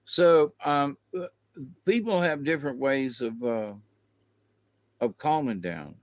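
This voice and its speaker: Man, livestream host, unhurried, rambling, casual chat, dry close sound. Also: mid-range voice, expressive, no echo. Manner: slow, rambling, talks to viewers in chat, laughs often.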